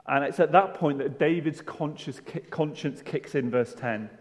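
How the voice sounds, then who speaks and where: In a church, a man with a darkish, mid-range voice preaches conversationally, mixing rhetorical questions with self-deprecating humour. The recording has long hall reverb.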